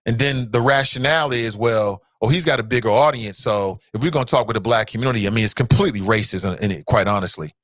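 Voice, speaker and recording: A man hosting a talk show in a casual, animated way, swinging his pitch up and down. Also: quick pace, hardly any pauses, no room sound, studio quality.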